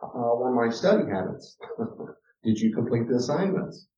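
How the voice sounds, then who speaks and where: A middle-aged man lectures in a mellow, warm voice, slipping into folksy stories and repeating himself for emphasis. He stands well back from the microphone in a roomy space. The dull archive recording takes the edge off his voice. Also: mid-range voice, expressive, unhurried, far from the mic. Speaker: teacher giving a parenting talk.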